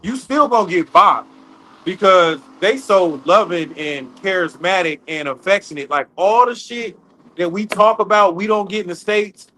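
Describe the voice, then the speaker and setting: Guy with a sharp bright voice, slangy blunt storytelling on a stream. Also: high voice, normal speed, a little hiss or hum, poor audio. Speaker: livestream panelist. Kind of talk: casual storytelling on a livestream.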